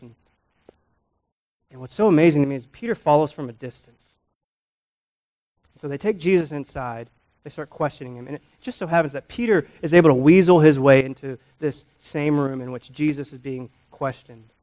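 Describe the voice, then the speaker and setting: Male pastor, slightly higher voice, preaching with big loud-to-soft swings. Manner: emphatic, swings from loud to quiet, repeats words. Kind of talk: sermon.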